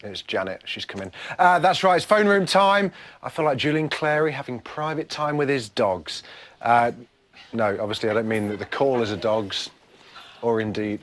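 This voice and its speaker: A man hosting a phone-in show, cheeky and camp, with quick comic asides. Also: medium pitch, expressive, fairly bright tone.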